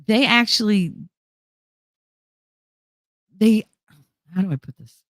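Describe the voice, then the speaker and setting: A woman's voice: medium pitch, expressive, slow pace, a bit bright, no echo. A woman hosting a casual live chat, talking bluntly with plenty of swearing, answering viewers and acting out the people she describes. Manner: blunt and profane, acts out quoted people. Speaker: livestream host.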